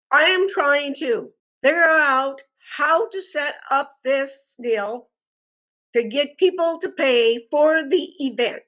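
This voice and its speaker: A frustrated woman delivering an indignant complaint monologue, speaking deliberately and calling her listeners "folks". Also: sits high, highs cut off. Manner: slow, deliberate and indignant, addresses viewers as "folks". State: frustrated and angry. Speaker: customer posting a complaint review.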